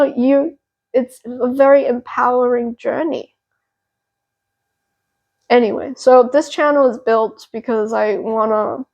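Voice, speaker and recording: Gravelly-voiced woman, gentle tarot reader. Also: fairly high pitch, highs cut off. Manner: gentle, reassuring, therapeutic, with frequent fillers. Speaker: tarot reader and channel host. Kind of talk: pick-a-card tarot reading to camera.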